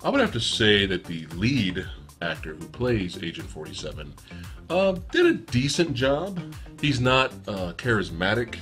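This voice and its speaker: A man co-hosting a casual movie review, talking in animated, exasperated bursts and laughing often. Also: fairly low pitch, a little slow, soft background music.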